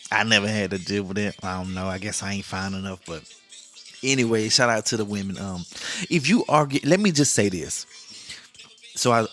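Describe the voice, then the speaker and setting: A man's voice: fairly low pitch, a bit bright. A middle-aged man hosts a casual monologue, joking, laughing often and acting out the lines he quotes. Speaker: podcast host.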